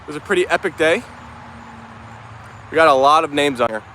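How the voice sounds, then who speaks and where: Outdoors in a yard with dogs and chickens, a man hosts a casual, upbeat livestream, greeting viewers by name and reading their messages aloud. His voice is fairly high, a little fast, pushed and bright, with a slight hiss or hum.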